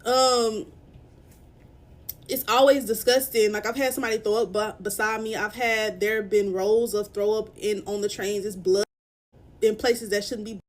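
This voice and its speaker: A woman's voice: mid-range voice, fairly even intonation, normal speed. A young woman from Dallas, upset and close to tears as she tells a story to her phone camera. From Dallas, Texas. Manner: upset, near tears, irritated. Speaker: vlogger telling a story.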